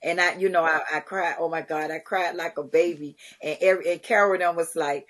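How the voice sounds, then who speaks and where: A middle-aged woman, a charity founder, telling lively stories in a podcast interview, acting out what others said and laughing often. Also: fairly low pitch, brisk. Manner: animated storyteller, acts out quotes, laughs often. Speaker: guest, community charity founder.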